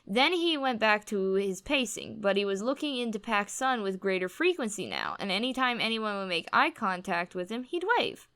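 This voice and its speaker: A woman's voice: mid-range voice, very animated, normal speed, hardly any pauses, a bit bright, clean tone. A woman reading a first-person blog post aloud with wry, amused storytelling. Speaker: reader on a commentary channel.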